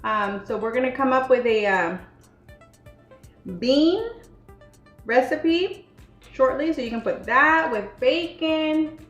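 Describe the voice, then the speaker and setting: A woman's voice: high-pitched, slow, long pauses, fairly bright tone. A woman hosting a casual home cooking demonstration, chatty and teasing, with many fillers. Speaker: cooking channel host. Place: home kitchen. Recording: echoey kitchen, faint music.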